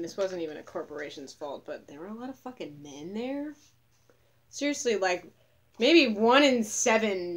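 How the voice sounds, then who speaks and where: A woman vlogger talking casually to camera, rambling and swearing with a sarcastic edge, sounding tired. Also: on the low side.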